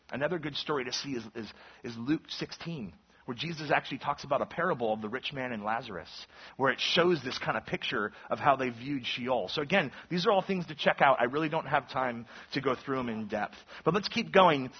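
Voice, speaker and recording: A man's voice: medium pitch, husky, dull audio. A man preaching an earnest sermon, teaching through a passage with emphatic, rising intensity. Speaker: pastor.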